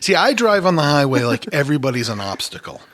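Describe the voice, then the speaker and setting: A man's voice: fairly high pitch, big pitch swings, quick pace, fairly bright tone. A man co-hosting a casual podcast chat, joking and laughing often as he talks. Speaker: podcast co-host. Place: lives in Connecticut.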